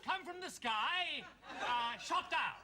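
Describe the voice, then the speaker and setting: An actor playing a bumbling British airman who speaks in halting, broken phrases. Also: extremely high pitch, lively intonation, sharp tone, heavily acted. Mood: stumbling. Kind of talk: 1980s studio sitcom acting. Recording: distant noisy sitcom clip with studio audience laughter.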